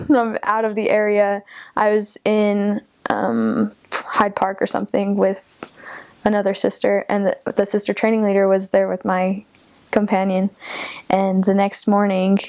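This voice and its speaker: A young woman recounts her missionary experiences in a relaxed, chatty way. Her voice sits at a middle pitch, and she scatters fillers and small laughs through her telling. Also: measured pace. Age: young adult. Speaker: returned missionary. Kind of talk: personal story in an interview.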